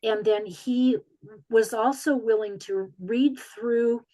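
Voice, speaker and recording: A woman from Michigan's Upper Peninsula, speaking with its accent, appears as an author guest in a video call Q&A and tells stories casually. Her voice is on the high side, slow and dark in tone, and she's chatty with lots of ums, though the audio quality is poor.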